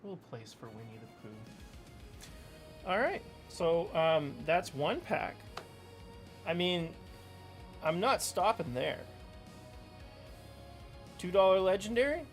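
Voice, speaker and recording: A chatty, playful man talks to his viewers while cracking card packs in a room at home. His voice sits a bit higher than most men's. Faint music plays underneath. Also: animated, slow, long pauses. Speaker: channel host opening card packs. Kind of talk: casual chat while opening packs. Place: room at home with fans running.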